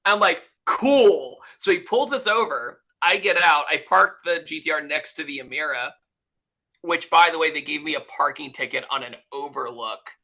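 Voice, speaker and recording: A man's voice: a little high, normal speed, rough recording. A man guest on a motoring podcast, telling a story in casual chat and acting out the people in it. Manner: animated, acts out quotes in his story.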